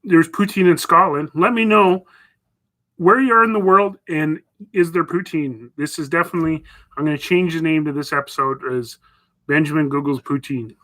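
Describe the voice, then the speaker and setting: A man's voice: on the high side, moderate pace, bright, forceful tone, poor audio. A man from northern Canada hosting a casual live stream, rambling and chatting as he reads viewer messages. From Northwest Territories, Canada. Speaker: livestream host.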